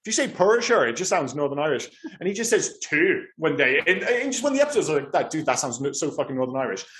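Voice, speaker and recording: A man co-hosting a film podcast, chatting casually and rambling with lively, sweary asides. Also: fairly high pitch, rapid-fire. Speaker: podcast co-host. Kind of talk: casual chat.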